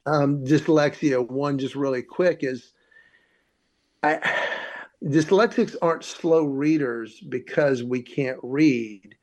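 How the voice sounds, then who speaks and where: A man's voice: mid-range voice, takes it slowly. A comedian telling his story in an interview, acting out the voices of the people he quotes. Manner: animated, acts out quoted voices. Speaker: comedian guest.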